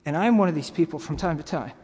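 A man preaching a sermon to his congregation, earnest and halting, with pauses and restarts. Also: on the high side, animated, darkish tone, slightly rough. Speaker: pastor. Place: church sanctuary. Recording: long reverb of a hall.

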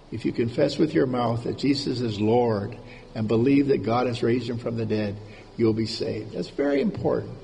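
A man's voice: mid-range voice, vocal fry, dark tone. A man preaching a conversational sermon in an informal way, repeating key words for emphasis, heard in a reverberant hall with faint background noise.

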